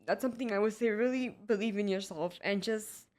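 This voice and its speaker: A woman in her thirties who speaks warmly and from the heart on a podcast, her voice close to tears. Her pitch sits mid-range. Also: brisk. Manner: heartfelt, emotional, tearful. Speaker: hairstylist and business owner. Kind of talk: casual podcast interview.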